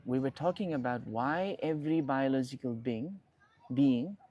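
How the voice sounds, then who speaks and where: A man's voice: medium pitch, moderate pace, lo-fi sound. A young man, a podcast guest, talking reflectively in casual conversation and often restarting his phrases.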